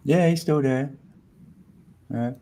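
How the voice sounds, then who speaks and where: A man's voice: medium pitch, takes it slowly, mellow. A man hosting a live stream panel in casual, slangy chat, laughing often.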